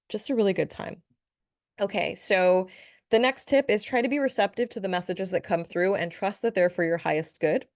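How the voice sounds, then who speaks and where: A chatty woman hosts a solo spiritual podcast, speaking in a fairly low voice with frequent giggles and playful asides. The recording is dry and close, with no room sound. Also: a little mellow, dry recording. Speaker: podcast host, spiritual reader.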